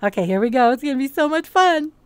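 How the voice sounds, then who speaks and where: A woman's voice: high-pitched, lively intonation, quick pace, no room sound. Woman, mixed accent, casual livestream chat, rambling, mild swearing, dry close sound. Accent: mixed, hard to place. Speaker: streamer and hypnotist. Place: virtual reality social world.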